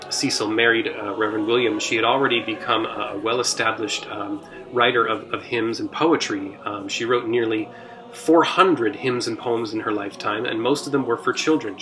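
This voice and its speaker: A man who leads a church's music ministry, explaining hymn history in a casual, halting way full of "uh" and restarts. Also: mid-range voice, bright, forceful tone. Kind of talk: informal hymn history talk.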